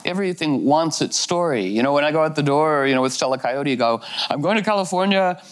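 A man's voice: a little high, fast talker, poor audio. A man giving a meandering, playful astrology talk, full of "you know" fillers and laughing asides. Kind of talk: rambling spoken talk.

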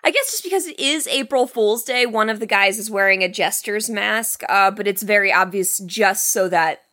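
A woman's voice: medium pitch, normal speed, pushed and bright. A woman co-hosting a casual movie review podcast, wryly recapping the plot with mock disbelief. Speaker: podcast co-host.

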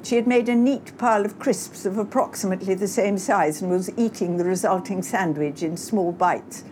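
A woman narrating a novel in a composed, expressive reading. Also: mid-range voice, moderate pace, slight background noise. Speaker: audiobook narrator. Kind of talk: scripted narration.

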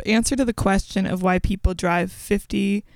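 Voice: mid-range voice, fairly even intonation, moderate pace, creaky, no echo. A podcast co-host in casual chat, chatty and reading listener posts aloud on a studio microphone.

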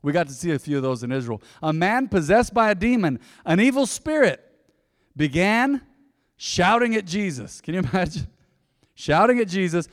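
A man's voice: fairly high pitch, expressive, normal speed. Man preaching in a reverberant hall. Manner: conversational preaching, asks the audience questions. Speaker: pastor. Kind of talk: sermon. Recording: long reverb of a large hall.

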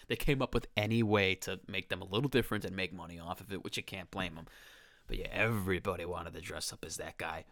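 A lowish, slightly bright male voice comes through clean studio audio without echo. The speaker, a podcast host in his twenties, rambles excitedly about a horror film, restarting himself and quoting dialogue.

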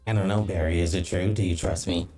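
A man in an in-character tabletop role-play who talks in a calm, deadpan way with stiff, literal wording. His voice sits fairly low, and faint music plays behind him. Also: quick pace. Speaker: tabletop player.

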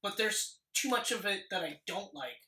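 A woman's voice: mid-range voice, expressive, normal speed, pushed and bright, echoey room, distant mic, rough recording. A woman with a sick voice chatting enthusiastically about a movie, swearing casually as she co-hosts. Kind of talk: casual movie review chat.

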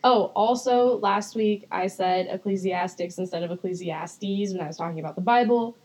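A woman's voice: on the low side, moderate pace, a little mellow, rough recording. A young woman co-hosting a podcast in casual chat, rambling and giggling often, swearing casually. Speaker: podcast co-host.

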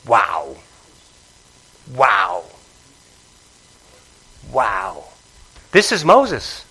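A man preaching a sermon with passion, dropping to a hush and then rising to call out to the congregation. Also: mid-range voice, huge pitch swings, drawn-out words, husky, rough recording. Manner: passionate, swings between hushed and loud, calls out to congregation.

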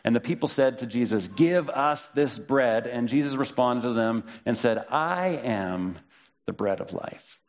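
A man preaching a sermon as pastor, in a conversational way, reading and paraphrasing scripture with lively quoted voices. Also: medium pitch, normal speed, faint music behind.

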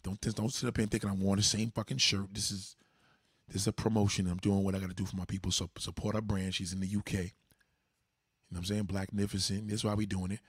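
A man hosting a casual livestream. He tells stories in a loud, profane, animated way. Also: fairly low pitch, fast talker, slightly rough, no echo, clean studio sound. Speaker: livestream host.

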